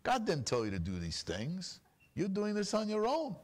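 A man preaching a sermon as pastor, animated and full of rapid rhetorical questions. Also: sits high.

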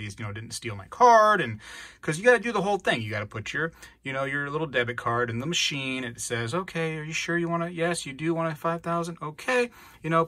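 A man with a husky, bright-edged voice recounts a story to his channel in a loose, rambling way, slipping into the other people's lines as he tells it. The sound is dry and close, recorded indoors at a desk. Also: mid-range voice, dry recording. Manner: animated, rambling, acts out dialogue. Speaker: channel host. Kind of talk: casual storytelling vlog.

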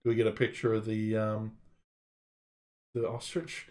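A man's voice: lowish voice, monotone, measured pace, a little mellow. A young man streaming a game, exasperated, sweary and sarcastic, on a desk mic.

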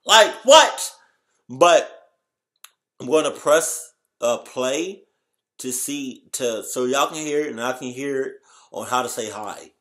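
A man in a casual vlog, reacting with loud exclamations and slangy chatter while trying out a translation app. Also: medium pitch, measured pace. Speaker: YouTuber.

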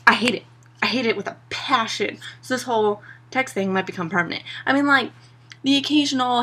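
A young woman vlogger talks straight to her camera in a sarcastic, exasperated rant, peppered with "like" and "you know". Her voice is bright and slightly husky, a little higher than average. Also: brisk. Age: young adult.

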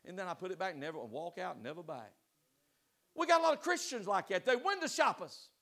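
Male pastor with a high-pitched voice, preaching in church; rises to loud exhortation, then drops to soft pleading. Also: sing-song, quick pace. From United States. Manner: asks the congregation direct questions. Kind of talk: sermon. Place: church sanctuary.

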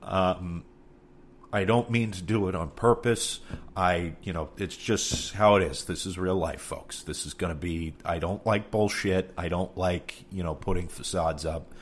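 This podcast host from New York speaks in a low, unhurried voice with a New York accent, and there's slight background noise. His monologue is candid and meandering, peppered with frequent swearing.

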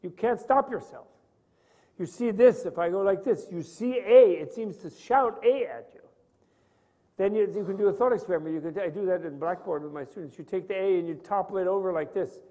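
In a long-reverberating hall, an older man gives a rambling, conversational lecture on Buddhist philosophy, regularly asking his listeners questions. His voice sits high and has a dark tone, and he talks fairly quickly.

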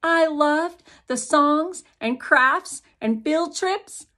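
A woman's voice: high voice, drawn-out words, bright, forceful tone. A woman reading an audiobook aloud in the first person, speaking as a young girl telling her own story. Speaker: audiobook narrator.

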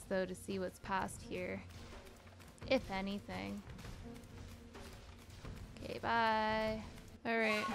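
A young woman streaming a video game, excitable, yelping and swearing as she plays. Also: mid-range voice, creaky. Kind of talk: live gameplay commentary.

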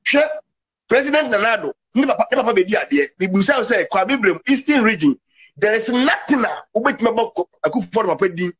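Male commentator, high husky voice, emphatic and heated political talk. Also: animated, fast talker, fairly bright tone, lo-fi sound. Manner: emphatic, mixes English words into his talk.

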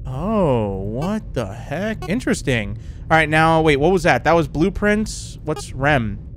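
A man hosting a let's play video, reacting with lots of excited exclamations. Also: fairly high pitch, slow, slight background noise. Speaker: gaming video host.

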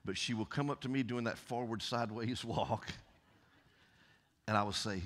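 A middle-aged man with a Southern accent preaching a folksy sermon, swinging from loud calls to soft near-whispers. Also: lowish voice, moderate pace, long pauses. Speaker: pastor. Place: church sanctuary. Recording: long church reverb.

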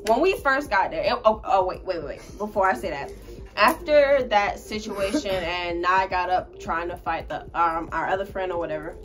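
A young woman co-hosting a casual storytime vlog, animated, swearing freely and laughing as she tells it. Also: fairly low pitch, normal speed, faint music behind. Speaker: co-host telling a story.

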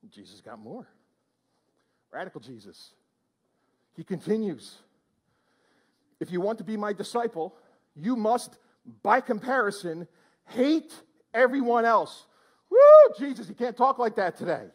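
A male preacher with a strikingly high voice delivers a sermon to his congregation in church. His pitch swoops up and down as he exclaims and throws questions out to the room. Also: lively intonation, measured pace, long pauses. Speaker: pastor.

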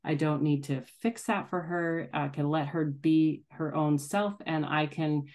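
A woman's voice: deep voice, unhurried, a little mellow. A middle-aged woman telling a personal story in a candid, self-deprecating way, laughing often. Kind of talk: casual reflective storytelling.

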